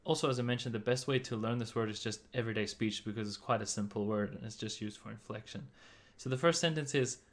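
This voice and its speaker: A man's voice: lowish voice, quick pace. Man explaining a language lesson. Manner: explanatory, demonstrates sounds with varied tones. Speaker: language teacher. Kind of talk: voice-over slide lesson.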